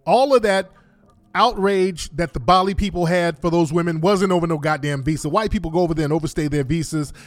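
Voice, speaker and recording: High-voiced man ranting on a stream. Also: a little fast, no room sound. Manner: blunt, animated, repeats himself. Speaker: livestream commentator. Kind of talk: casual livestream commentary.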